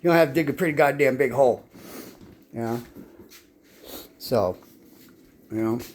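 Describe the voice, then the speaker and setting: Unhurried and mid-range in pitch, an adult man rambles casually through his life story, cursing nonstop. He frequently trips over words and repeats himself while restarting sentences, with a little hiss or hum in the audio.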